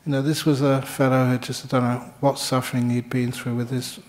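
A man giving a Buddhist dharma talk in a slow, reflective storytelling manner. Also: medium pitch, little pitch movement.

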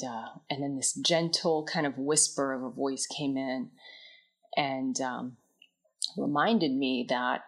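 A woman telling a candid personal story in a reflective, introspective way, often trailing off into soft, quiet phrases. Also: low voice. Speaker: vlogger.

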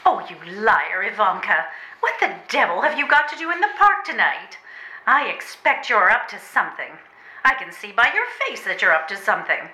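A woman's voice: medium pitch, very animated, normal speed, bright, forceful tone. A woman plays a sensible friend in a live stage comedy reading, chiding and reproachful. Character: scolding, sensible female friend. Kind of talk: readers' theatre stage comedy. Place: old train station before a live audience. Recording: roomy hall sound.

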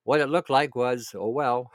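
A man's voice: mid-range voice, dry recording, studio quality. A middle-aged man, ranting about politics in a sarcastic, indignant way, often laughing and repeating himself. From Canada. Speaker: vlogger. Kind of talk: political rant.

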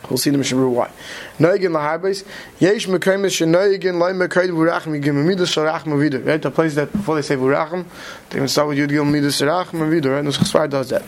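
A man teaching a study class, talking quickly and checking in with "right?" as he explains. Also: on the high side. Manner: quick, mixes Hebrew terms into English, many "right?" checks. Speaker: Torah teacher. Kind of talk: Talmudic study lecture.

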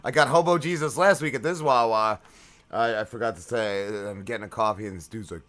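A man with a bright, forward voice rambles through crude stories on a casual podcast. He swears constantly and drifts from tangent to tangent as he talks. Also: on the low side, fairly quick. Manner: profane, rambling storyteller. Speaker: podcast host.

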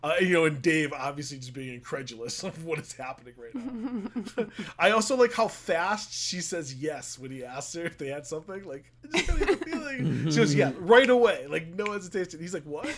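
A man hosting a casual chat podcast with a slightly higher voice. He laughs a lot and gets animated when he quotes lines. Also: fairly quick, a crowd in the background. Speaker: podcast host.

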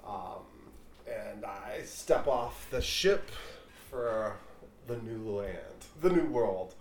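Slow-talking man in an echoey room. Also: on the low side, animated, slight background noise. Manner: joking, playful. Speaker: player. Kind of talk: casual tabletop play.

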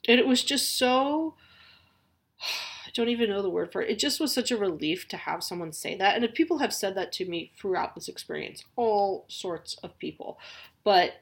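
A woman's voice: medium pitch, animated, moderate pace, gravelly, husky. A woman in her forties hosting a podcast, talking candidly in a rambling personal monologue full of restarts. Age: 40s. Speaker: podcast host.

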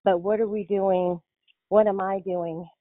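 A woman's voice: medium pitch, steady tone, a little slow, no room sound. A woman calling in to a prayer line, out of breath, talking eagerly and searching for words. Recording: phone-line call audio.

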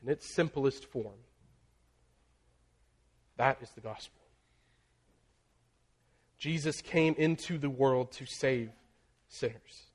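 A man preaching a sermon, building in intensity through emphatic lists and dropping to a near hush on key phrases. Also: medium pitch, slightly rough. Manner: slows and drops very soft on key phrases.

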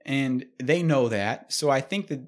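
A young man telling a comedic story and ranting, profane and animated, often laughing. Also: medium pitch, unhurried.

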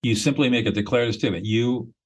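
A man's voice: medium pitch, moderate pace, slightly rough, low-quality recording. A man, a mediator and podcast guest, explaining his method in a blunt, emphatic, instructional way.

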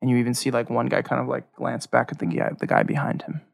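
Male game master, gravelly, dry close sound, casual narrating. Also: medium pitch, little pitch movement, fast, dry recording. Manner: loose descriptive narration with many fillers.

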